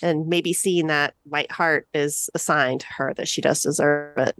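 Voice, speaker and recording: Lower-voiced woman in casual podcast chat. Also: steady tone, a little slow, a bit bright, no echo. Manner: chatty, thoughtful, with light laughs. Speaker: podcast co-host.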